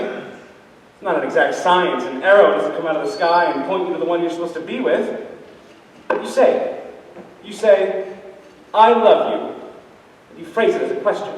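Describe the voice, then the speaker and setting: A teenage boy in a high school stage musical, playing a lonely, rambling fan of old musicals who confides in the audience. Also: natural voice. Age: teens. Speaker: narrator character. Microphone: distant room mic. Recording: echoey hall from far off, faint noise.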